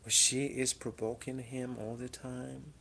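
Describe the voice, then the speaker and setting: The camera in her apartment picks up a woman casually coaxing and teasing her cats, with a little hiss or hum in the background. Her voice is rumbling low, creaky and a bit bright. She speaks a little slowly in a flat delivery.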